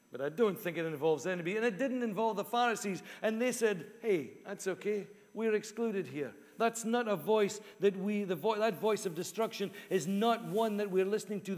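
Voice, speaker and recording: A man's voice: sits high, a little mellow, big-room sound. A male pastor preaching a sermon in an earnest way, repeating key phrases for emphasis. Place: church hall.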